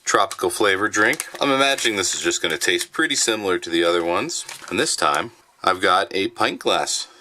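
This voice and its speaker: A man casually reviewing military rations in his basement, chatty and relaxed with plenty of fillers. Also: low voice, brisk, slight background noise. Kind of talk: casual food review vlog. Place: home basement.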